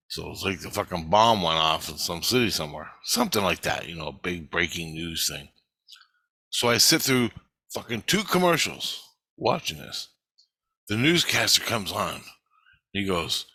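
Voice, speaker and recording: Guy swearing his way through a dream story, kinda low voice, dry close mic. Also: no room sound. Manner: profane, animated, swears constantly. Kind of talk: casual spoken storytelling.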